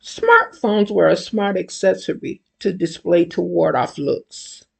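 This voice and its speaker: Reading an excerpt from her own book, an older woman speaks slowly and deliberately, measuring out each phrase with care. Her lowish voice is gravelly and husky.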